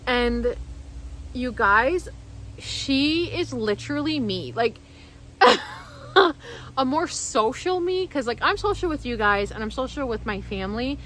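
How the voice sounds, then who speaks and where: A woman's voice: on the high side, expressive, measured pace, fairly bright tone, a little hiss or hum, rough recording. A woman vlogger telling a personal story in casual, emotional, rambling speech full of restarts.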